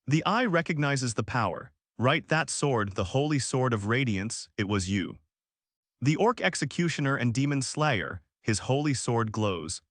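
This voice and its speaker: A man's voice: medium pitch, a bit bright, no echo, clean studio sound. A man giving scripted, dramatic narration, with rhetorical questions. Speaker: recap narrator.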